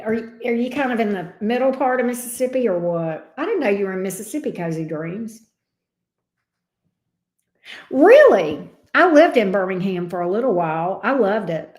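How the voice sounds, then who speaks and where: A woman's voice: medium pitch, expressive, normal speed, a little mellow, roomy sound. A woman with a Southern US accent, a tarot reader chatting casually with viewers on a livestream, laughing often and swearing freely. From coastal Alabama, US.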